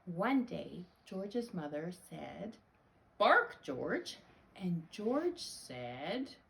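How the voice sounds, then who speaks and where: A woman reading a storybook to young children, addressing them directly. She speaks slowly and with animated, widely ranging pitch. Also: vocal fry, a little hiss or hum.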